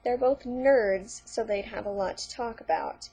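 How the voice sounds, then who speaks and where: A woman's voice: a little high, a little slow, vocal fry, warm tone, husky. A woman vlogger reading fan fiction aloud, breaking in with sarcastic, mocking commentary.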